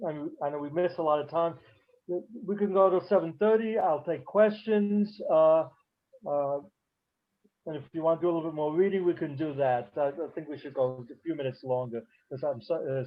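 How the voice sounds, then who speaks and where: A man's voice: on the high side, highs cut off. A man teaching a beginners' Hebrew class online, explaining patiently with frequent fillers.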